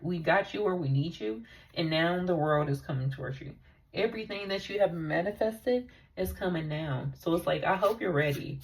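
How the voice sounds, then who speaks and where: A woman's voice: on the low side, low-quality recording. A woman giving a tarot reading in an earnest, emotional way, with many fillers as she talks. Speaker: tarot reader. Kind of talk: intuitive tarot reading monologue.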